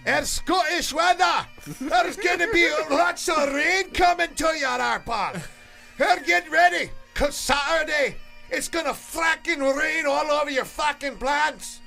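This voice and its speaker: Brief: man doing a brash Scottish weather guy, high and yelling, gravelly. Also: unhurried, few pauses, faint music behind, exaggerated voice. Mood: bellowing. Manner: shouting, rolling R's, crude.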